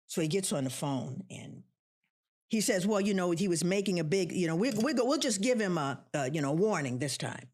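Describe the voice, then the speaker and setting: A middle-aged woman with a husky, fairly low voice tells a personal story with deep feeling. Her pitch swings widely as she acts out other people's voices and repeats key lines for emphasis. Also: lively intonation, fairly quick, a little mellow. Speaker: professor of social work, guest. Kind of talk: emotional storytelling.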